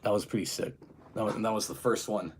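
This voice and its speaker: A man's voice: lowish voice, fairly even intonation, fast, slight background noise. A man talking casually in a solo vlog, rambling and hesitant as he thinks aloud. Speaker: video creator.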